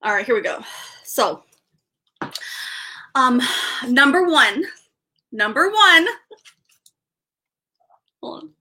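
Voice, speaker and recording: A young woman hosting a casual live stream, excited and rambling, stumbling over restarts and fillers as she chats with viewers. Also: sits high, slow pace, long pauses, breathy edge. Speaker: livestream host.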